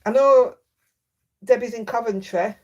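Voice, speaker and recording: The audio is dull as a woman with a Yorkshire accent hosts a craft livestream, casually chatting, laughing readily and reading viewer comments aloud. Her voice is a little high with a darkish tone, and she speaks unhurriedly.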